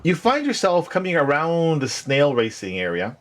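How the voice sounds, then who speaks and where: Halting, animated game master. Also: mid-range voice. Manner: hesitant narration with restarts. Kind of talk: narrating a tabletop game for kids.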